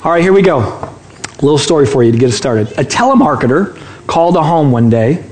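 A man's voice: fairly high pitch, sing-song, fairly quick, a little mellow, roomy sound. A man from Michigan preaching a sermon in a church sanctuary, playful and chatty, teasing the congregation. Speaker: pastor.

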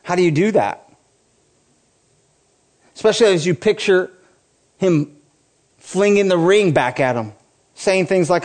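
A man's voice: high-pitched, unhurried, pauses often, a little mellow. A man in his forties, a pastor preaching a sermon with passion, building to emphatic peaks and breaking off into playful asides.

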